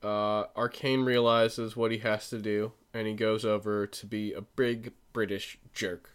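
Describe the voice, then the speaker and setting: A man's voice: fairly low pitch, level tone, a little slow, clean tone. A man hosting a podcast, casually recapping a movie with lots of fillers and self-corrections. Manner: rambling, filler-heavy storytelling with self-corrections. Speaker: podcast host.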